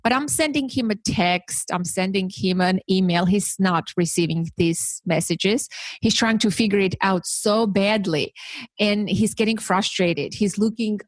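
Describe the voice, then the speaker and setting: A woman hosting a podcast, chatting through her year in a relaxed, storytelling way. She gets animated and jumps her pitch when she quotes people. Her voice sits in a middle range and the sound is dry and close. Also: unhurried, no room sound. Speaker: podcast host. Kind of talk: casual conversational storytelling.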